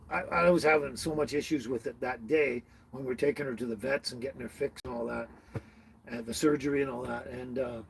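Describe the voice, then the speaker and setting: A man's voice: a little high, a little hiss or hum, rough recording. A middle-aged man hosting a casual live stream, chatting with viewers by name in a rambling way and laughing often. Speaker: livestream host.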